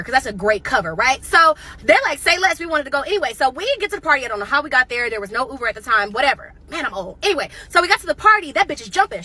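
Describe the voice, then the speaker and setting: A young woman races through her story with a sassy, dramatic delivery. Her voice is high, bright and forceful. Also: breathy edge. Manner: animated, sassy, dramatic retelling. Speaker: storyteller sharing a relationship story. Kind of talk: casual storytelling.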